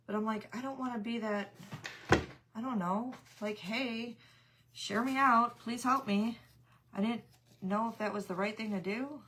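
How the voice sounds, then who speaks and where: A woman's voice: mid-range voice, a bit bright, a little hiss or hum. A woman hosting a casual craft livestream, chatting with viewers, laughing often and reading out their comments.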